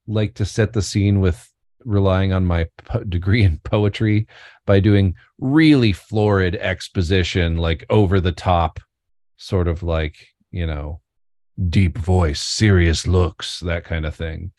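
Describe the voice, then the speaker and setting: Deep-voiced man in casual podcast chat. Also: slow pace, a little mellow, dry recording, studio quality. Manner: loose, joking, self-deprecating, many restarts. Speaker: podcast co-host and game master.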